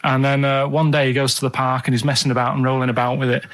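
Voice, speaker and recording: A man's voice: medium pitch, level tone, fast talker, fairly bright tone. Rambling man telling earnest stories. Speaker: radio show regular. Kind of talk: casual radio banter.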